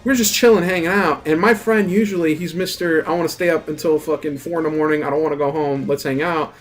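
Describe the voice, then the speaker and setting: A young man telling a story in a casual, rambling rant, animated and full of swearing and filler words. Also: a little high, fast. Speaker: gaming streamer.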